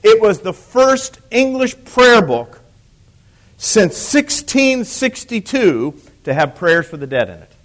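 A man's voice: sits high, very animated, slow pace, fairly bright tone. A man teaching church history to a live class. He repeats key points for emphasis, asks the room questions and throws in dry teasing asides.

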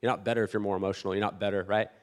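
Animated male pastor preaching. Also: fairly low pitch, very fast. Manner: animated, acts out imagined church members; many restarts and repeated words. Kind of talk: sermon.

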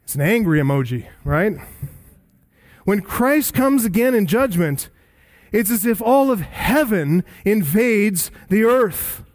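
A male preacher delivering a sermon, emphatic, rising for stress and dropping low for weight. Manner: emphatic, swinging between loud rises and low drops.

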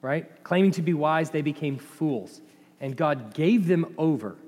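A man preaching a sermon in a conversational, animated way, often acting out the voices of the people in the story. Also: a little high, measured pace, big-room sound. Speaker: pastor.

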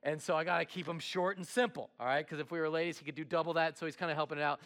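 A man preaching a sermon in an animated storytelling way, acting out voices and swinging from loud to hushed. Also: on the high side, rapid-fire. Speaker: pastor.

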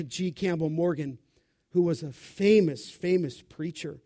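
High-voiced, slow-paced male preacher. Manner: animated, expressive preaching delivery. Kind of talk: sermon.

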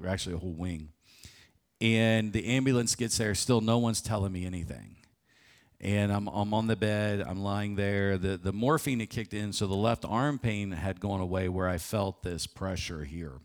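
A man preaching a sermon, telling a personal story vividly and often restarting his phrases. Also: on the low side. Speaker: pastor. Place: church sanctuary.

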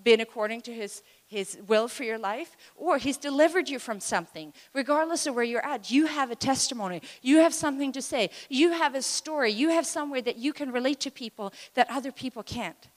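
Woman, preacher, sermon, animated, acts out voices, slightly high voice, long hall reverb. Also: fairly quick, few pauses. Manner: animated, acts out quoted voices, laughs between points.

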